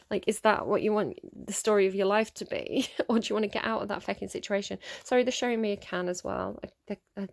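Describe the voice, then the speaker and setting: A woman talks through a tarot reading at a middle pitch, in a casual, rambling way. She fills her talk with ums and sighs, and the recording is close and dry with no room sound. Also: a little fast, creaky, no echo. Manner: rambling, many fillers and sighs. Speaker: tarot reader.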